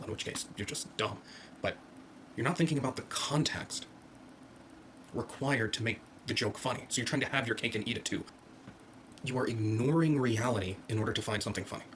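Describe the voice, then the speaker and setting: A man's voice: fairly low pitch, fairly bright tone, slight background noise. A man delivering a contemptuous, lecturing monologue, played back sped up to double speed. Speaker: video commentator.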